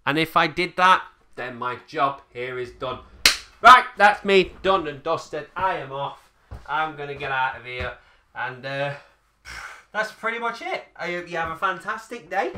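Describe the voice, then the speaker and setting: A man's voice: fairly high pitch, lively intonation, measured pace, pushed and bright, a little hiss or hum. A man, a YouTuber ranting bluntly to camera in a casual, swearing way.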